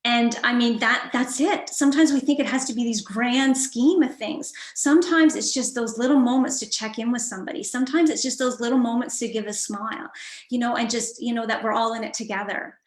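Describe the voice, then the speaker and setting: A woman's voice: on the high side, fairly quick, reverberant. A woman coach telling a personal story in a conversational, reflective way, with frequent fillers and restarts. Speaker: guest coach.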